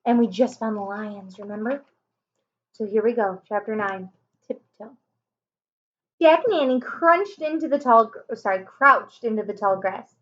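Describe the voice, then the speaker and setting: A woman teacher reading a children's chapter book aloud, slowly and carefully, raising her voice for the children's lines. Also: fairly high pitch, lo-fi sound. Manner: slow, careful reading with small self-corrections. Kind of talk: storybook read-aloud.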